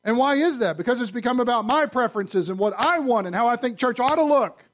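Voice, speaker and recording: A man preaching a sermon to his congregation, conversational and animated, often asking the audience questions. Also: very high-pitched, fast talker. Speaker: pastor. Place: church sanctuary.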